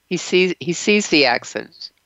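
A woman's voice: lowish voice, animated, moderate pace, fairly bright tone, no echo. A woman with a mid-range voice asks curious questions and chats easily with her guest. Her voice is dry and close to the mic, with the dull, muffled quality of a lo-fi radio broadcast. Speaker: radio host. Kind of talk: casual radio interview.

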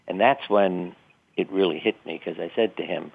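An older man recounts personal experiences in a relaxed, reflective interview manner, now and then laughing at himself. His voice sits very low. The sound is narrow and tinny, like a telephone call. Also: moderate pace, vocal fry, slightly rough. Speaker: guest. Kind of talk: interview storytelling. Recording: tinny phone-line sound.

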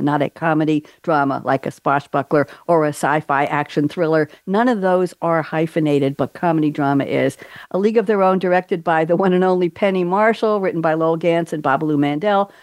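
A woman's voice: deep voice, a little mellow, no echo. A woman hosting a panel show, chatty and playful, with joking asides. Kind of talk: casual moderated panel talk.

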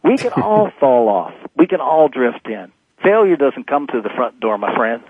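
A man's voice: mid-range voice, big pitch swings, normal speed, breathy edge. A man in his fifties, a motivational speaker, talking emphatically as a guest in a phone-in radio interview. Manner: emphatic, preachy motivational delivery. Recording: tinny phone line.

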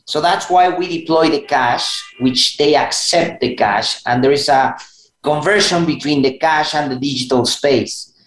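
A man speaking as a guest on a panel in a measured, slightly halting way. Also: fairly high pitch, a bit bright. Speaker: guest executive. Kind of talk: casual panel talk. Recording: echoey room.

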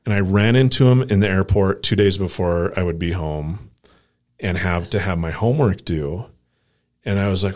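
A man's voice: lowish voice, animated, fairly quick, darkish tone. A man in his forties from Colorado, co-hosting a podcast and telling a long, rambling anecdote full of "like" and acted-out quotes. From Colorado, USA. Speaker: podcast co-host. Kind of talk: casual storytelling chat.

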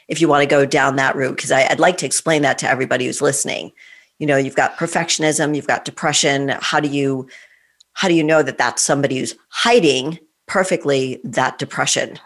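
A woman hosting a podcast interview, asking friendly, curious questions in a conversational way. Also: low voice. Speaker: podcast host.

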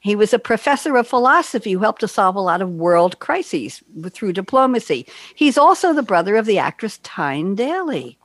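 A woman's voice: mid-range voice, big pitch swings, moderate pace, hardly any pauses, dry recording. An older woman from New York hosts a radio talk show in a chatty, storytelling way, tossing in bubbly asides. Her voice sits mid-range and the recording is close and dry, with no room around it. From Queens, New York. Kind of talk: casual chat.

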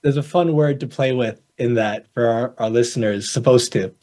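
A man who works as a coach, a guest on a podcast, explaining ideas through lively acted-out dialogues. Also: mid-range voice, moderate pace. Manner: animated storyteller acting out little dialogues. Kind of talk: conversational interview.

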